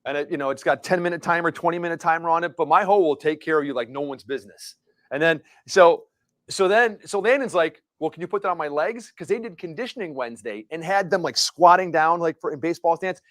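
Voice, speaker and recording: A man's voice: fairly high pitch, quick pace, a bit bright, no room sound. A middle-aged man co-hosting a live show, telling a long rambling story in casual chat. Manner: rambling storyteller, many restarts. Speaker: co-host.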